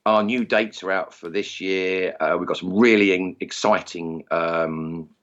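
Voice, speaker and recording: A man's voice: sits low, steady tone, unhurried, fairly bright tone, lo-fi sound. A man in casual podcast chat, telling anecdotes in a chatty way and slipping into voices when he tells stories. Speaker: guest, airgun competition organiser.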